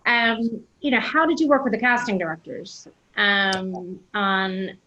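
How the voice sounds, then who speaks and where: A woman's voice: medium pitch, fairly even intonation, a little slow, bright, forceful tone, dull audio. A woman moderating a panel, passing on audience questions with many fillers. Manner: hesitant, filler-heavy.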